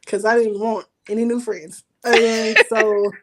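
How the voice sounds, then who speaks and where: Woman guest, casual chat, relaxed and wry. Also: on the high side, unhurried.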